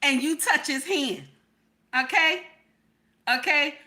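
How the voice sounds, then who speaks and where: A woman giving animated casual commentary, repeating phrases, often asking "okay?", and breaking into laughter. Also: high-pitched, slow.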